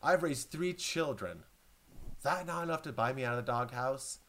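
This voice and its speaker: A man reciting a grieving male president's bitter tirade against God, speaking low and accusingly. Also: lively intonation, moderate pace, fairly bright tone, lightly acted.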